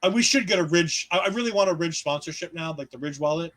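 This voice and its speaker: A man with a high, bright voice co-hosts a casual wrestling recap show. He talks in an animated way, swears freely and keeps breaking into joking asides. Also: fast talker, poor audio. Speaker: podcast co-host.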